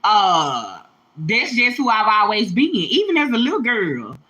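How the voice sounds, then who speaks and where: A woman, hosting a livestream and telling stories in an animated way, laughing, swearing and calling her viewers y'all and baby. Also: medium pitch, measured pace, rough recording. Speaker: livestream host. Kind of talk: casual storytelling to viewers. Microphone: phone or webcam livestream.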